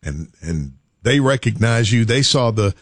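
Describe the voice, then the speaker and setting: A man's voice: mid-range voice, animated, measured pace, dry recording. Brief: male talk host, playful storytelling, dry voice. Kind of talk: casual talk show chat.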